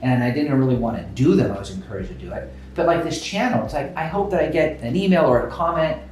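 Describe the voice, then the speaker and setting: A man's voice: mid-range voice, quick pace, slight background noise. A man hosting an interview, talking with enthusiasm in casual chat. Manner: enthusiastic, animated storytelling. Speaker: podcast host. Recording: echoey room with faint music.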